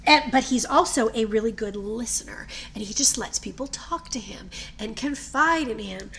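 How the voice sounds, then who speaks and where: Woman, high voice, casual chat, animated, laughing. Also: normal speed.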